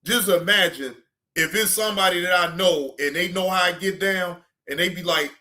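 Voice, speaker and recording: A man hosting a casual reaction stream, ranting in an animated, emphatic and joking way. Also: high voice, moderate pace. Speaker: streamer host.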